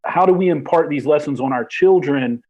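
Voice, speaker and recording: A man's voice: fairly high pitch, moderate pace, lo-fi sound. A man hosting a podcast interview, talking casually and rambling with many fillers. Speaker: podcast host.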